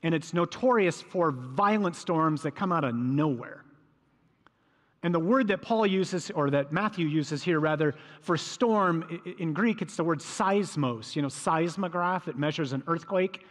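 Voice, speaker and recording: A man, a priest, preaching a sermon in a lively storytelling way, acting out voices from the scripture scene. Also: on the high side, unhurried, big-room sound. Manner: storytelling, acts out voices of disciples.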